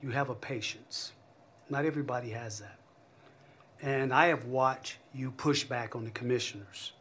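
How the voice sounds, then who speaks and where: A man serving as commission vice president, giving earnest, measured farewell remarks at a public meeting. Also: mid-range voice, fairly bright tone, slightly rough.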